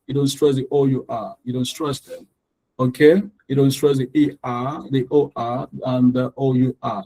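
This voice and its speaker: A man's voice: mid-range voice, warm tone, rough recording. A man teaching an English pronunciation lesson, drilling word stress and mixing in life advice, repeating words over and over. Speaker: English tutor.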